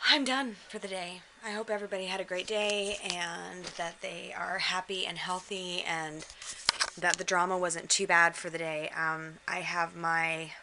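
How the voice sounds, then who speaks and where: A woman's voice: lowish voice, fairly even intonation, a little slow, bright, forceful tone, a little hiss or hum, rough recording. A middle-aged woman chatting casually to a handheld camera from her bed, worn out and unwell, talking in a drained, weary way. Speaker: vlogger. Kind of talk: casual vlog chat. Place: bedroom, in bed.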